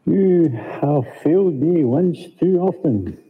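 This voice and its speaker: A menacing villain lord with a Scottish accent. He talks slow and booming, with lively swings in pitch. The sound is thin and tinny, like a phone line. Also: a little hiss or hum.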